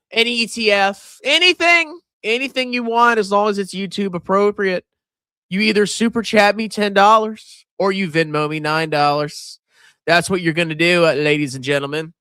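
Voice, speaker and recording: A man's voice: sits high, pushed and bright, clear, resonant tone, no room sound, studio quality. A middle-aged man hosting a casual livestream, joking and sarcastic, with theatrical swings in his voice. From Virginia coast, USA. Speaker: livestream host.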